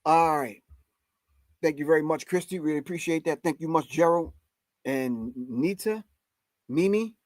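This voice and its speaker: A man's voice: a little high, moderate pace, pauses often, darkish tone, no room sound. A middle-aged man hosting a live stream, giving emphatic, preachy commentary and calling his audience family. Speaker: host.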